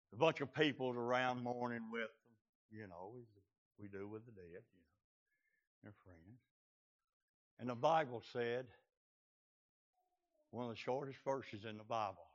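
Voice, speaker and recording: A man preaching a fiery, folksy storytelling sermon, filling pauses with "uh" and shouts of praise. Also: medium pitch. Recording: slightly muffled lo-fi recording.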